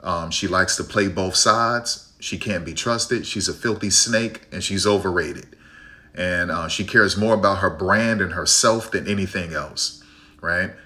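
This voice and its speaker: A man's voice: low-pitched, unhurried, sharp tone. A man from Chicago streaming a basketball game, ranting bluntly with strong opinions and a habit of tagging "right?". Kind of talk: live game-watch commentary and rant.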